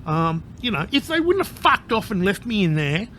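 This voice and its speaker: A man's voice: high-pitched, very animated, moderate pace, background noise. Rambling, foul-mouthed man vlogging. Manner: rambling, swears constantly. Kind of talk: casual to-camera monologue.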